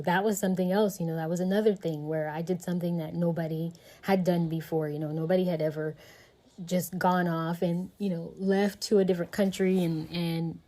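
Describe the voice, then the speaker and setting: A woman's voice: fairly low pitch, mellow. A woman hosting a casual podcast conversation, talking reflectively and meandering with many fillers. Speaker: podcast host.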